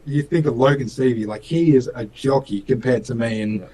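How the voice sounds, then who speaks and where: A man's voice: mid-range voice, brisk, dark tone, slightly rough, rough recording. A young Australian man, a speedcar driver, chatting in an interview with many fillers and restarts, acting out little dialogues. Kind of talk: casual interview chat.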